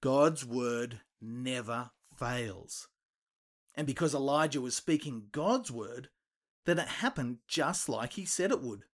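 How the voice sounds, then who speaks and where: A man retelling a Bible story for children, lively and expressive, acting out the quoted lines. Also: slow pace. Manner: animated, acts out quoted voices with big pitch jumps.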